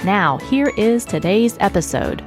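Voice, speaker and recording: Calm, earnest woman hosting a podcast. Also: mid-range voice, a little slow, over music. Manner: calm, earnest, invites reflection with questions. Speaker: podcast host, leadership coach. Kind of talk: solo podcast monologue.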